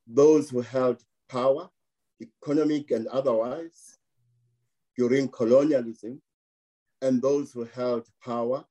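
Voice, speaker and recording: A man making a measured, emphatic argument in an interview, building points through repetition. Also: medium pitch, mellow, low-quality recording.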